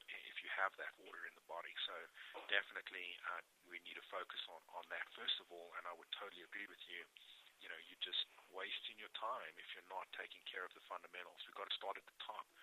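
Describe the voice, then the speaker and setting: A man's voice: low-pitched, sharp tone, slight background noise, poor audio. A man talking in a casual podcast chat, enthusiastic and folksy, with an eager, salesy reassurance. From United States. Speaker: health practitioner and product supplier.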